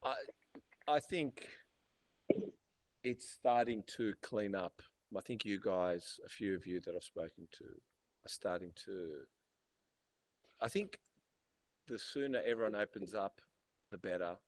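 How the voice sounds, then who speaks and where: A man hosts a casual podcast chat. He turns loud and animated when he retells a story. The recording is dry and close. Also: on the low side, unhurried, pauses often, no room sound. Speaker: podcast host.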